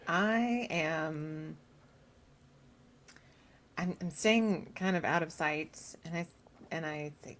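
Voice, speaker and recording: A woman's voice: low-pitched, slow, long pauses, a bit bright, slight background noise. A woman playing a tabletop game, describing her character's moves hesitantly and keeping her voice down. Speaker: player.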